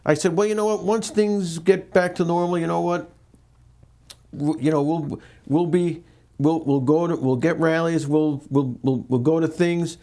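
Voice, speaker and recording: Animated man, higher voice. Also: normal speed. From northeastern Pennsylvania. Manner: animated, repeats words, acts out quotes. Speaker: interview guest. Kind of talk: candid interview storytelling.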